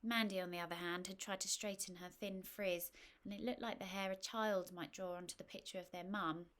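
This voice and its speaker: A woman reading a short story aloud, with a wry, gently humorous delivery. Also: medium pitch, steady tone, fairly quick. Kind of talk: scripted narration.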